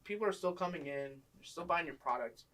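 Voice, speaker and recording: A young man with a notably high-pitched voice tells stories in casual chat. He acts out other people's lines with bursts of loudness and animation. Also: brisk, a little hiss or hum, poor audio. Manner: animated, acts out customers and boss in raised voice. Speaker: storyteller guest.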